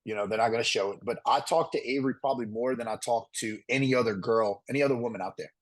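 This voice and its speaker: A man answers interview questions at a quick clip. His voice is husky, and he rambles, doubling back and restarting his sentences. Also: mid-range voice, rough recording. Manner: fast, rambling, with many restarts and fillers. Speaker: reality competition contestant. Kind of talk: casual interview.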